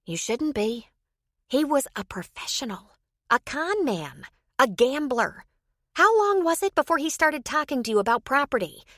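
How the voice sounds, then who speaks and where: A woman's voice: sits high, very animated, moderate pace, fairly bright tone, no echo, studio quality, pitched above the performer's own voice, full character voice. A woman reading a blunt, practical woman friend who talks frankly and pushes her friend to act. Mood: urging.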